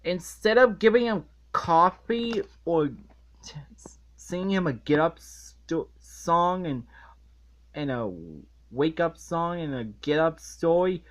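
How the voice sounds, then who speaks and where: A man giving a ranting episode review in an exasperated, halting way, often restarting his phrases. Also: fairly high pitch. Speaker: online reviewer.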